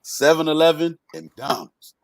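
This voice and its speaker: A man hosting a casual morning podcast who talks in a halting way, repeating words and chiming in with short agreements. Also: on the high side, no echo. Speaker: podcast host. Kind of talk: casual morning show banter. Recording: dry close mic.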